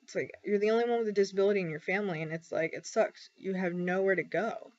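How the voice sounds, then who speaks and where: A young woman talking candidly in a personal vlog, halting often with ums and pauses. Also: medium pitch, a little mellow. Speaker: vlogger. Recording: dull lo-fi recording.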